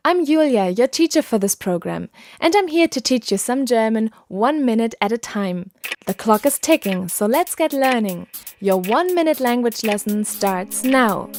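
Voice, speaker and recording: A woman teaching a scripted podcast language lesson, speaking patiently and enunciating clearly. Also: on the high side, animated, normal speed, a little mellow, dry recording, soft background music.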